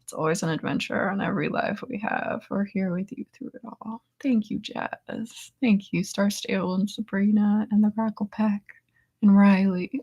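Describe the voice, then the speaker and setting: A young woman hosting a casual live chat, worn out after a seizure, speaking softly in half-whispers and laughing often. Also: mid-range voice, fairly even intonation, moderate pace, creaky, breathy edge, muffled recording.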